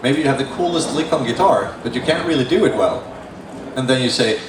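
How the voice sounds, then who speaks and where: A man's voice: mid-range voice, animated, fairly quick. A middle-aged male record producer speaking frankly and bluntly with dry humor in a panel discussion. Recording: echoey room, distant mic, faint noise.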